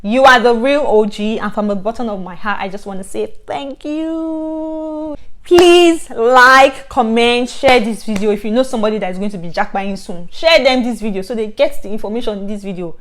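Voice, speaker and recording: Nigerian woman vlogger, chatty and animated, mid-range voice, casual advice talk. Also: medium pitch, fast, few pauses. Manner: chatty and animated, with sudden loud bursts and laughs.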